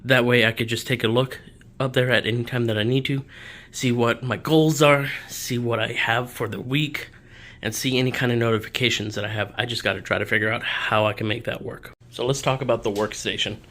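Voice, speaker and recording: A man's voice: mid-range voice, steady tone, a little fast, fairly bright tone. A young man, casually touring his home office in a vlog, his breathing audible as he talks.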